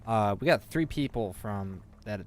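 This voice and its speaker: A man's voice: fairly low pitch, lively intonation, measured pace. A man, chatting and joking while streaming a game. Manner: joking, laughs often. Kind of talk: casual gaming chat.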